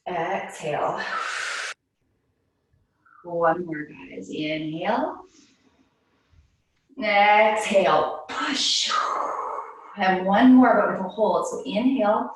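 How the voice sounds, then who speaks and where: A woman teaching a guided yoga class, calmly cueing breaths while moving and a little out of breath. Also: fairly low pitch, slow pace, long pauses, slight background noise. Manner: calm, cueing breaths while doing the moves herself. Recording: very echoey room, mic at a distance.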